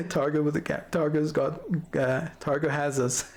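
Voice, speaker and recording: A young adult livestreamer shows off an avatar model while chatting casually with viewers, giggling often, rambling through thoughts, and talking to chat. The voice is mid-range, a little slow, with fairly even intonation.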